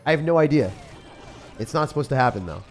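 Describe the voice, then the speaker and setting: A young man giving live commentary on his game as a streamer, swinging between loud outbursts and low muttering. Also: expressive, fast talker. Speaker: gaming streamer. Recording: faint music behind voice.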